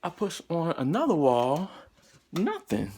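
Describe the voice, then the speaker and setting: Animated profane man telling a story. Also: measured pace, breathy edge. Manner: animated, profane, swings into high excited quoted voices. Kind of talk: storytelling vlog.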